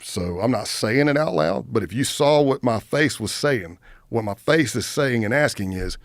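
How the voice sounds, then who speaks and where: A middle-aged man with a fairly low voice tells a war story in casual conversation. He acts out the quotes of the people he met as he goes. The sound is close and dry, with no room around it. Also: moderate pace, dry recording. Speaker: guest, retired FBI agent. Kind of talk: casual storytelling in podcast interview.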